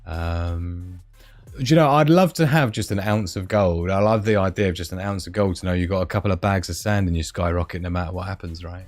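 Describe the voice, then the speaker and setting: A man with a lowish voice talks in a loose, rambling way, wandering between thoughts as he hosts a live stream. The sound is dry and close, with faint music playing somewhere behind him. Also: fairly quick, no room sound. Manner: rambling, chatty, loses his thread. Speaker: livestream host. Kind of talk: casual live-stream chat.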